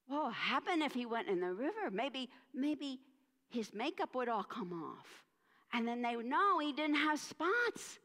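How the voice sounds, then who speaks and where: A woman minister narrating a story in a church service, highly animated and slow, savoring every turn. Her bright, ringing voice carries in a long church reverb. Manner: expressive, dramatic storyteller.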